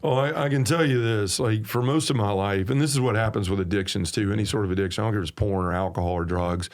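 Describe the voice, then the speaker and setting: A man's voice: fairly low pitch, fast. A man with a Southern US accent, a podcast guest giving an earnest, preacherly personal testimony.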